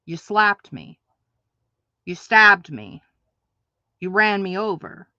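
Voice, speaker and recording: Woman, craft market livestream host, indignant rant, emphatic and repetitive, forceful tone, dull sound. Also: mid-range voice, big pitch swings, slow, no echo. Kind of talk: ranting livestream monologue.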